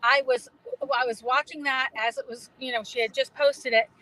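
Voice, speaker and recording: Middle-aged woman, New England accent, chatty guest, slightly high voice. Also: steady tone, normal speed, sharp tone, no room sound, low-quality recording. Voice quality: chatty, many fillers and restarts. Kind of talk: casual video chat.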